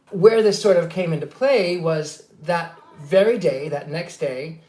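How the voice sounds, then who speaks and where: A man's voice: a little high, a little mellow. A man who hosts as a psychic, telling stories casually on a live stream in a chatty, digressive way with frequent fillers. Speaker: psychic medium host. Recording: roomy echo.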